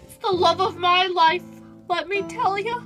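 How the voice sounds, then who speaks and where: A woman's voice: very high voice, measured pace, fairly bright tone, pitched above the performer's own voice. A young woman voicing a melodramatic male toy pet addicted to toothpaste, whiny and prone to screaming. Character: frantic toothpaste-obsessed male pet, adult. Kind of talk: toy video skit. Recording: music playing underneath.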